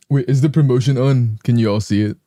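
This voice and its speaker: A young man chatting casually with viewers on a live stream, clearing a morning voice from his throat. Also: mid-range voice, fairly even intonation, normal speed, warm tone, no echo, clean studio sound. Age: young adult.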